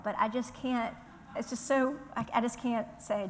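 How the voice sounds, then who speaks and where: A woman's voice: fairly high pitch, normal speed, bright, forceful tone, big-room sound. A woman with a Southern US accent teaching a Bible study, earnest and conversational, reading scripture aloud.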